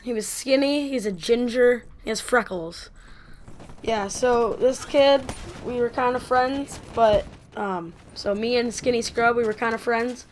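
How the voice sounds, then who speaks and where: Rambling high-voiced woman telling a story. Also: a little slow. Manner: rambling, animated, many "like" fillers. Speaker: vlogger. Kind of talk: casual storytime.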